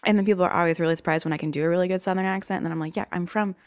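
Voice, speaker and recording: A woman's voice: on the low side, steady tone, very fast, clear, resonant tone, no echo, studio quality. A young woman from Virginia hosting her own podcast, talking in a rambling, candid, profane way with self-deprecating asides. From Virginia, US South. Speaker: podcast host. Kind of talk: casual podcast monologue.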